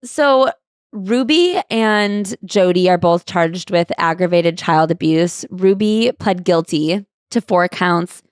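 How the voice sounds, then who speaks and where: Woman podcast co-host, lowish voice, casual talk, dry mic. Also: slow pace, smooth, no echo. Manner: casual, swears, reads book passages aloud. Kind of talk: casual chat recapping a memoir.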